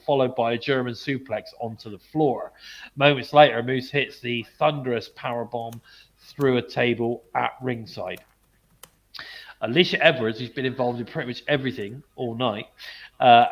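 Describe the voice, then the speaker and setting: British male co-host, casual recap reader, even mid voice. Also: mid-range voice. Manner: reads match recaps with fillers. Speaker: podcast co-host. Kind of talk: casual wrestling review chat.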